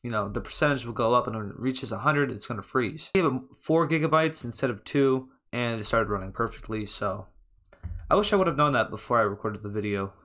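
A man's voice: medium pitch, lively intonation, brisk, fairly bright tone. A young man casually talking over a reaction video of himself, chatty and laughing at himself often.

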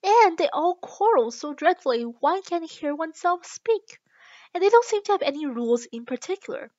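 Woman voicing a timid polite little girl, high voice, muffled dry sound. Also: sing-song, moderate pace, a bit bright, dry recording.

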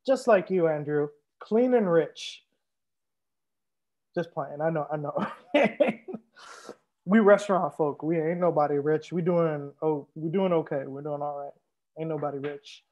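Young male sommelier, high voice, relaxed livestream banter, dull lo-fi audio. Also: moderate pace. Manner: relaxed, joking, reads viewer comments aloud. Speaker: sommelier hosting a live wine tasting. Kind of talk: casual livestream chat.

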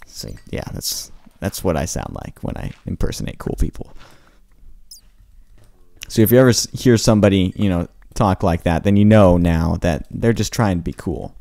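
A man playing a video game and commenting casually, rambling to himself with excitable outbursts. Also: deep voice, moderate pace, gravelly, dry recording. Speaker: gaming channel host. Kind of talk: casual let's play commentary.

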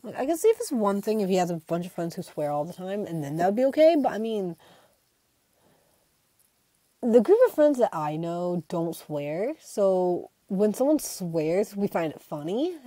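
A teenage girl rambling casually in her first home vlog, often mimicking her friends in animated voices. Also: mid-range voice, normal speed, no echo. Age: teens. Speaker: vlogger.

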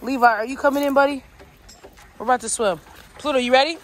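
A woman talking excitedly in a casual vlog. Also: high voice, quick pace, slight background noise. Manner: animated, excitable talk. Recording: background music over the voice. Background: music.

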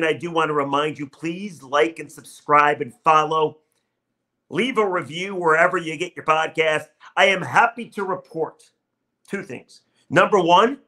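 A man's voice: on the high side, bright, forceful tone. A man in his thirties hosting a sports talk podcast, delivering an upbeat, chatty monologue and urging listeners to subscribe.

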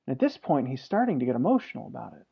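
A man's voice: medium pitch, big pitch swings, rapid-fire, vocal fry, husky, lo-fi sound. Man preaching a storytelling sermon. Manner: storytelling with frequent "uh" fillers. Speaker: pastor.

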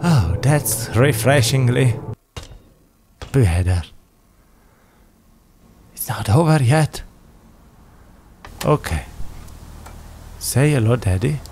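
A man's voice: mid-range voice, lively intonation, drawn-out words, pauses often, darkish tone, a little hiss or hum. Jumpy man reacting while playing a game. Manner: jumpy, exclaiming, swearing reactions. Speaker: game player. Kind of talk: let's play commentary.

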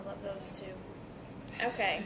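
A woman's voice: mid-range voice, flat delivery, slow, noisy background. A young woman interviewing a teammate with playful, teasing questions. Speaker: student interviewer.

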